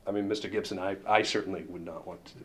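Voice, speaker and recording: A man co-hosting a comic podcast, reading letters aloud with hesitant fillers and deliberate pacing. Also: low voice, fairly even intonation, crowd noise. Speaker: podcast co-host. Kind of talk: comic scripted podcast banter.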